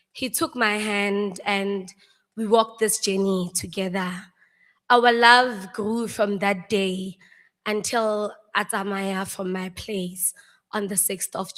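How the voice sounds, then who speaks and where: A woman's voice: medium pitch, fairly bright tone. A young South African woman, an actress, telling personal stories as she pays tribute at a memorial service. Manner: anecdotal storytelling, often laughing. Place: large theatre stage. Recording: long reverb of a theatre hall.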